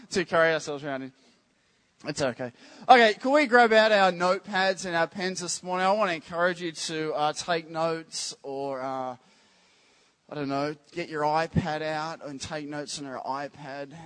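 A man's voice: on the high side, fairly bright tone. Chatty, teasing man preaching a sermon. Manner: chatty, teasing, addresses the crowd with quick questions. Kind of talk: casual, joking sermon to a congregation. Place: church service.

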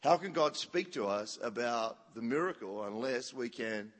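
A man preaching a story-driven sermon, animated and laughing, acting out what people said. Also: medium pitch, moderate pace. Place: church hall. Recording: long church-hall reverb.

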